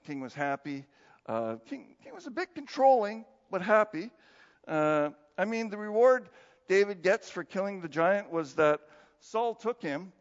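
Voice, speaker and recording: A man's voice: fairly high pitch, very animated, a little slow. A man preaching a conversational sermon as pastor, laughing often and acting out the people he quotes. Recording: dull sound with long hall reverb.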